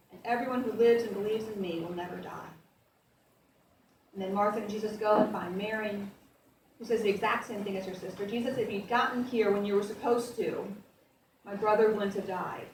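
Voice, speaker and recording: A woman pastor giving a conversational sermon, reading scripture with lively emphasis. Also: mid-range voice, slight background noise. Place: church sanctuary. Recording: echoey church heard from a distance.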